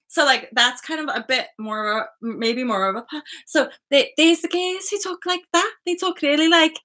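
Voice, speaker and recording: A woman hosting a spiritual livestream, chatting casually and rambling with her viewers, often jumping into high excited asides. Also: normal speed. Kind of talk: casual chat with live viewers.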